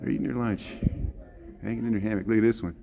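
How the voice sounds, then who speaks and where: Walking through a zoo in the snow, this Chicago-area man chats casually on a phone live stream, laughing a lot and replying to viewers' comments. He talks fast in a low, steady, mellow voice with vocal fry.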